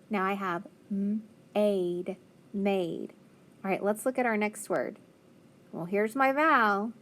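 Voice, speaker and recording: A woman teaching a phonics spelling lesson, patiently sounding out letters and praising answers. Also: mid-range voice.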